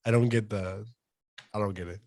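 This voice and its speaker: A man's voice: on the low side, steady tone, moderate pace, darkish tone. A young man co-hosting a podcast, asking questions and teasing his co-host in casual chat.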